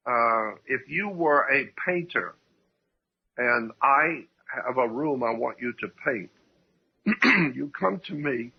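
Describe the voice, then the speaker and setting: A man explaining at length as a radio guest, emphatic, repeating his points and often clearing his throat. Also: medium pitch, sing-song, takes it slowly, pauses often. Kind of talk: lecturing radio talk. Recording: dull dry radio audio.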